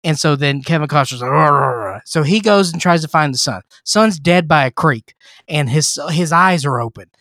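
A man's voice: on the high side, moderate pace, no echo, clean studio sound. A man co-hosting a podcast, giving a casual, sarcastic and profane comedic recap of a film he disliked. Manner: profane, sarcastic, animated storytelling. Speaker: podcast co-host reviewing films.

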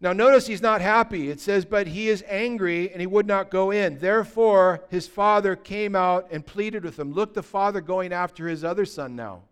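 A man, a pastor preaching a sermon and telling stories, swinging from loud passages to hushed ones. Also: high-pitched, normal speed, hardly any pauses, smooth. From United States.

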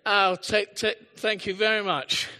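Bright-voiced pastor in a hall. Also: male voice, high-pitched, level tone, measured pace. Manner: chatty storytelling with asides and self-deprecating humor. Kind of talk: sermon. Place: church hall, live service. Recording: long hall reverb.

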